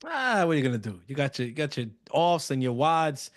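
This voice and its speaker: An opinionated man co-hosts a sports fan show, arguing his points in loose slangy casual chat. His voice sits a little higher than most men's and is recorded dry and close. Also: very animated, fairly quick, no echo.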